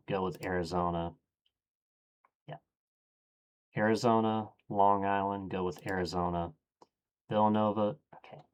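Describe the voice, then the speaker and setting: Man, streamer, deep voice, unhurried, casual thinking aloud, low-key muttering. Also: clean tone.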